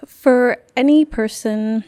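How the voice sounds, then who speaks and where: A woman's voice: fairly high pitch, slow pace, dark tone, no room sound. A woman hosting a podcast, sharing reflective thoughts and asking questions. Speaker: podcast host. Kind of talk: casual interview conversation.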